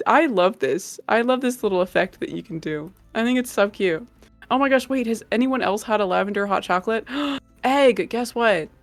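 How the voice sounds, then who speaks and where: A woman's voice: medium pitch, moderate pace, no room sound, faint music behind. Bubbly, giggly woman streamer. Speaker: livestream host. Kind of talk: casual chat with live chat.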